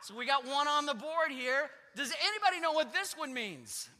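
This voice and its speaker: A man's voice: extremely high pitch, sing-song, normal speed, bright, forceful tone. A middle-aged man preaching as a pastor in a joking, conversational sermon, teasing the congregation with self-mocking asides. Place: church sanctuary. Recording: long church reverb.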